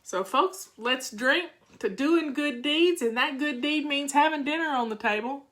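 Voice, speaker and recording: Unhurried and high-pitched with a fairly bright tone, an older woman chats casually with her audience. She's a home-organizing vlogger on a live chat, talking folksily and responding to viewer comments.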